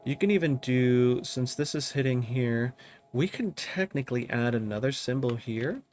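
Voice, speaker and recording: A man's voice: mid-range voice, normal speed. Casual man thinking aloud while teaching. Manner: relaxed, thinking aloud, often asks "you know what I mean?". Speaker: music producer teaching drum programming. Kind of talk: casual live tutorial. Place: home studio.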